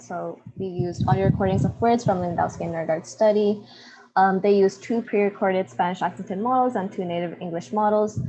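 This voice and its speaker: A young undergraduate woman walks through her research method in a warm, mellow voice. She is a little hesitant, often restarting her sentences and using casual fillers. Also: on the low side, rough recording. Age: young adult. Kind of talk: academic presentation. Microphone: computer mic for an online presentation.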